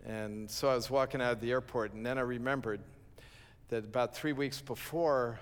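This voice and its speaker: A pastor telling a humorous story in a sermon, acting out the quoted lines and laughing at himself. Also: male voice, mid-range voice, steady tone, normal speed, clean tone. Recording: long reverb of a large hall.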